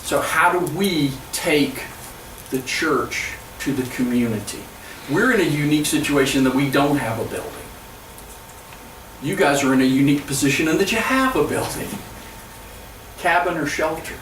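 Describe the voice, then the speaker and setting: A man's voice, a little high for a man, comes from some distance in an echoey church hall. He is a pastor giving an earnest presentation to fellow church leaders, telling stories with frequent halting restarts. A faint hum of room ambience sits behind him. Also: fairly bright tone.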